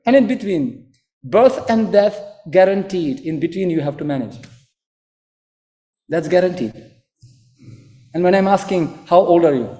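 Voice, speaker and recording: A man from Ukraine preaching a sermon, animated and acting out quoted voices. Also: sits high, measured pace, long pauses. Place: temple hall. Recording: echoey hall.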